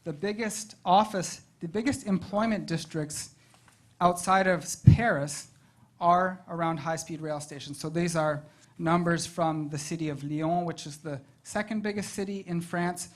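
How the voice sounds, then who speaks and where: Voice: medium pitch, measured pace. A presenter giving a conversational talk at a public advisory meeting, stopping to ask the audience questions. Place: meeting room.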